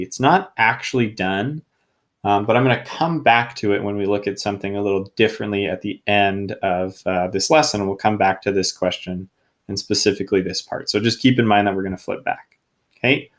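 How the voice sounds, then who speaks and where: A man's voice: lowish voice, brisk. A man teaching a math lesson, explaining each step as he works and often checking in with his students. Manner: thinks aloud while working problems. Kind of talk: recorded classroom lesson.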